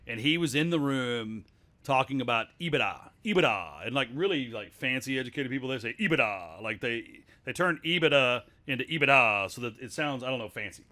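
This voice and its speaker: Bright-voiced man telling investing stories. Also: medium pitch, expressive, fairly quick. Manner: storytelling, self-deprecating. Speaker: podcast co-host, investor. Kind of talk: casual podcast chat.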